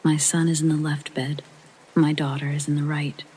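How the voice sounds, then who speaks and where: A narrator reading a first-person paranormal story in a soft whispered sleep-story style, with a breathy half-whisper. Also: mid-range voice, flat delivery, moderate pace, poor audio.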